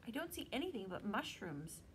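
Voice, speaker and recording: A spirited young girl with a high, sharp voice, as a woman reading a storybook aloud puts her on. She is quick to take offence and speaks with indignant bite. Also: very animated, slight background noise, poor audio.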